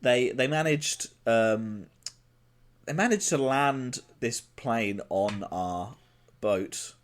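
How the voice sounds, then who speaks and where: A man's voice: medium pitch, animated, very slow. A British man co-hosting a comedy podcast, telling a made-up adventure in a rambling way, swearing and correcting himself as he goes. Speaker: podcast co-host. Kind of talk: casual improvised comedy chat.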